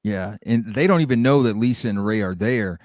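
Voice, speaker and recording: A man's voice: on the low side, a little fast, a little mellow, no echo, studio quality. A man hosting a casual livestream, playfully recapping a show and slipping into character voices. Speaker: podcast host.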